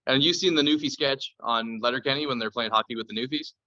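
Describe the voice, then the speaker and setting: A Canadian man appears as a podcast guest, chatting casually and telling loose stories full of swearing. His medium-pitched voice is bright and forceful, and he talks fast. The recording is dry and the audio dull.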